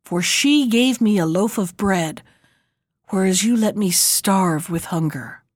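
A woman's voice: mid-range voice, lively intonation, slow, dry recording, studio quality. A woman voicing a hungry dog who firmly refuses an order in a storybook reading. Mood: defiant. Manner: firm refusal. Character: hungry dog, resentful toward its mistress.

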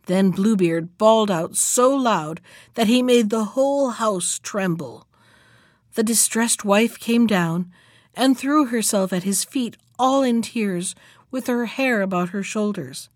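A woman narrating a classic fairy tale as an audiobook, reading in a measured, even way. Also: medium pitch, dry recording, studio quality.

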